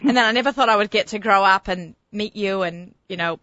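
A woman with an Australian accent hosting a radio talk show, chatty and enthusiastic with quick laughs. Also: mid-range voice, bright, forceful tone, no room sound, highs cut off. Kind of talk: casual radio interview. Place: radio studio.

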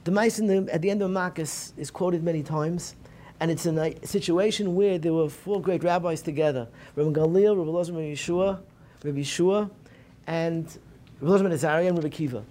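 A man's voice: a little high, fast talker, dark tone. A man giving an earnest Tisha B'Av Torah lecture at a synagogue program. He often repeats and restarts phrases and mixes in Hebrew terms.

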